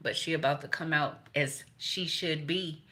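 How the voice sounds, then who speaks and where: A woman's voice: sits low, steady tone, unhurried, bright, forceful tone. A woman doing a casual tarot reading, blunt and profane, laughing between points. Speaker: tarot reader.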